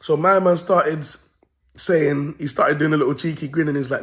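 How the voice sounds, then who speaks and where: A man's voice: on the high side, brisk. A young man telling a story in a casual monologue, full of street slang and constant check-ins with his listeners. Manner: streetwise slang, animated, often asks "you get me". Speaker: self-styled prophet vlogger.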